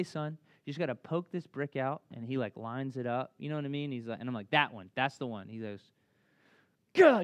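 A man in his thirties preaching a sermon, animated, telling family stories and acting out voices. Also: a little high, no room sound. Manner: animated storytelling, acts out voices. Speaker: pastor.

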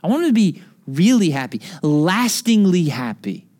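A man in his thirties preaching a sermon as pastor, conversational and animated, telling stories between scripture. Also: high-pitched, moderate pace.

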